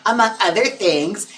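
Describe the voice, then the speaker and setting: A man's voice: sits high, sharp tone. A drag queen hosting a casual livestream, chatting playfully and campily with viewers. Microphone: own mic.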